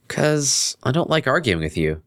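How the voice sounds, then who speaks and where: A man's voice: medium pitch, big pitch swings, unhurried, fairly bright tone, voice pushed up. A man voicing a moody young female unicorn DJ, blunt and sarcastic, in a fan fiction reading.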